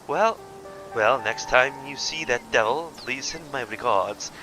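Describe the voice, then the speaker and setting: A man's voice: medium pitch, unhurried, over music, natural voice, low-quality recording. A man reading a game character's lines, a chatty and friendly small-town local who talks in a breezy, teasing way.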